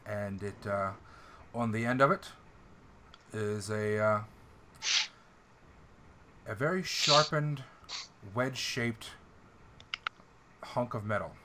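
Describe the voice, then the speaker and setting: A man narrating a tabletop game as game master, descriptive and halting, with fillers and throat clearing. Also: on the low side, noisy background.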